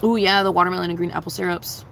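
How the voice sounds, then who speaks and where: A woman's voice: fairly low pitch, steady tone, very fast, gravelly, fairly bright tone, slight background noise, rough recording. A young woman chatting casually on a livestream, answering her chat in a blunt, profane, giggly way.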